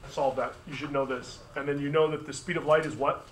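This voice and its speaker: A man teaching physics to a class, brisk and conversational, with joking asides. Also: a little high, fairly even intonation, slight background noise. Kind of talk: classroom review lesson.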